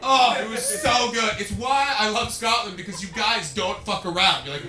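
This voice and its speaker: A man from Canada doing crowd-work stand-up comedy, animated and swearing freely as he acts out voices. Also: high-pitched, fast, few pauses. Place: comedy venue with a live audience. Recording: echoey room with faint ambience.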